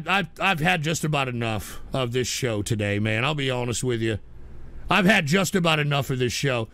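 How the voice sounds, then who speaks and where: A man hosting a live stream show, exasperated and profane, ranting and breaking into shouting outbursts. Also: mid-range voice, animated, moderate pace, gravelly. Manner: profane and comedic. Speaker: livestream show host.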